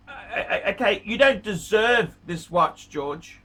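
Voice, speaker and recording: A man's voice: sits high, animated, measured pace, hardly any pauses, sharp tone, distant mic. A man, a watch vlogger, ranting angrily into the camera with heavy swearing and repeated insults. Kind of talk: angry profane rant to camera.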